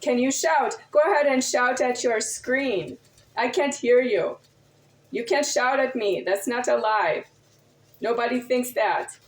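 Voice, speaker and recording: A woman's voice: a little high, measured pace, echoey room, low-quality recording. A woman in a confrontational monologue to camera, firing off insistent, repetitive rhetorical questions.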